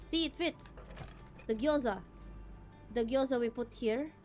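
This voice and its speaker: A young woman from the Philippines streaming a game, chatting casually in a deliberately cute, girlish voice. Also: fairly high pitch, faint music behind. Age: young adult. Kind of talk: casual gameplay chat.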